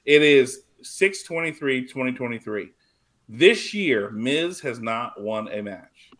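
A middle-aged man co-hosting a wrestling podcast, talking in an animated, casual way and swearing now and then. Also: mid-range voice, takes it slowly. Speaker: podcast co-host.

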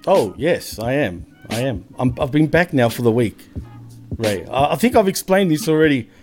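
A man's voice: medium pitch, sing-song, moderate pace, darkish tone, faint music behind. An Australian man guesting on a podcast, bantering in an easygoing way and laughing often. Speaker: guest co-host. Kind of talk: casual podcast chat.

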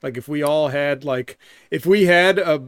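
A man on a podcast tossing out deadpan jokes. His voice sits fairly high and sounds dry and close. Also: a little slow, smooth, no echo. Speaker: podcast co-host. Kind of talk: casual chat.

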